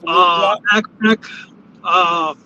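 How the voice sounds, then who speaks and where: A man with a very high voice speaks casually and apologetically as he joins a livestream panel. His audio is dull and lo-fi, with a faint noise of traffic behind him. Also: steady tone, drawn-out words, pushed and bright. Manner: apologetic, casual, repeats phrases. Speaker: panel guest.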